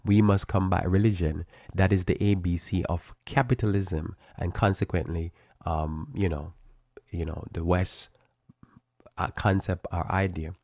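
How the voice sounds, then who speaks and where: A man hosting a live church talk program, reading from an article and commenting in a halting way with many fillers and restarts. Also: deep voice, steady tone, a little mellow, no room sound. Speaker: church talk show host.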